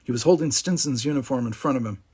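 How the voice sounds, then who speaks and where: A man narrating a storybook aloud, animated, giving each character its own voice. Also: mid-range voice, fast talker, slightly rough.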